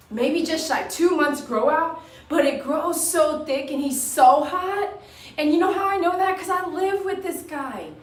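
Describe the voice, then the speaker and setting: A woman with a high voice talks through a casual grooming tutorial as a dog groomer. She chats freely and coaxes her dog with short commands. The sound is roomy and comes from a mic set some way off. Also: a bit bright. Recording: roomy echo, mic at a distance.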